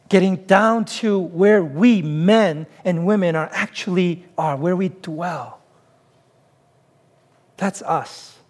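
A middle-aged pastor preaching a sermon in a conversational, emphatic way, mixing scripture reading with plain everyday examples. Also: male voice, on the high side. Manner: conversational, emphatic preaching with self-deprecating humor.

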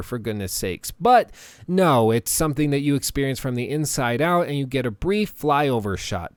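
A man's voice: mid-range voice, clear, resonant tone, dry recording. A man giving a conversational, opinionated video game review as a voice-over. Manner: conversational and opinionated, with small restarts.

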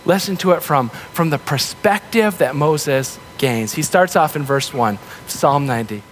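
A man preaching a sermon in a relaxed, conversational way, acting out the voices of the people in the story. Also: on the high side, unhurried, a little hiss or hum. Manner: conversational, animated, acts out grumbling voices. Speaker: pastor. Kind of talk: casual sermon.

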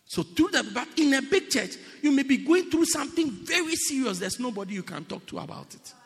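In a church hall with long reverb, a man preaches to his congregation in an animated, playful, teasing manner. His voice is very high-pitched and his delivery brisk.

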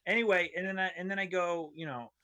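A man, a comedian guest on a studio podcast, telling a rambling story in an animated way and acting out the voices of people in it. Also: high voice, fast talker, heavy background noise. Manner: animated, acts out voices in his stories, rambling tangents.

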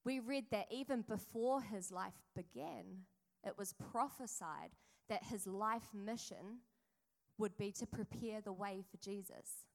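A woman's voice: medium pitch, measured pace, vocal fry. Chatty New woman preaching. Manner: chatty and storytelling, with asides to the congregation. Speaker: pastor. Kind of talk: sermon.

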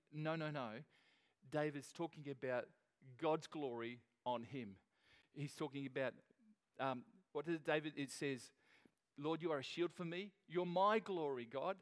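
A man's voice: fairly high pitch, moderate pace. A man preaching a sermon in an earnest, conversational way, often restarting and repeating phrases. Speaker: pastor.

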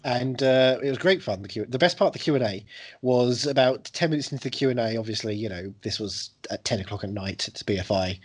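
A man co-hosting a podcast, chatting casually with jokes, swearing and quick impressions. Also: mid-range voice, slightly rough. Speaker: podcast co-host. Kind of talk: casual chat.

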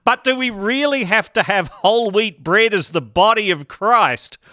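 A man's voice: high-pitched, unhurried, pushed and bright, no room sound, clean studio sound, voice pushed up. A man voicing a Southern churchgoer who complains about communion bread, in a put-on American Southern accent with a drawl. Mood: mock complaint.

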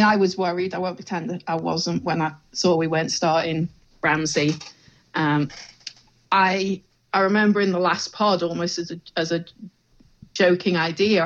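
A woman co-hosting a podcast, speaking in a measured, hesitant way. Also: lowish voice, dull audio. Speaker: podcast co-host. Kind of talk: casual podcast chat.

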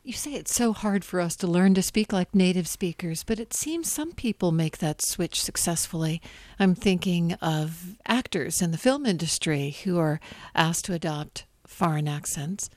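A woman's voice: on the low side, moderate pace, a little mellow, dry recording. A woman interviewer asking curious questions in a conversation.

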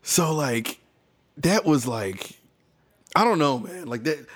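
In casual conversation, a man tells a story energetically and acts out what people said. His voice is medium-pitched and slow.

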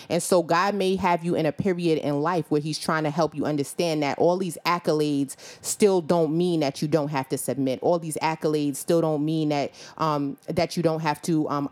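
A woman with a notably low voice co-hosts a faith-based podcast chat. She talks in an unhurried way, pausing on "um" and using tender terms like honey and babe. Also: darkish tone. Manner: unhurried, full of "um" pauses, calls people honey and babe. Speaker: podcast co-host.

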